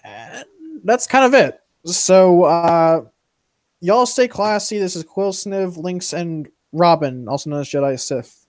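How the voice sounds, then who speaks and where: A young man hosts a loose, casual stream, his voice sitting a little high. He rambles, swears freely and leans on fillers. The sound is dry, with no room echo around it. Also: expressive, unhurried, darkish tone. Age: young adult. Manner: profane, rambling, full of fillers. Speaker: stream host. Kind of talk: casual chat.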